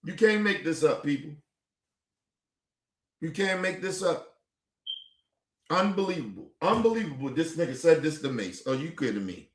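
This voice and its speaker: A man's voice: on the high side, sing-song, moderate pace, long pauses. A man hosting a stream, reacting to a clip in a heated, profane rant full of repetition. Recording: echoey room.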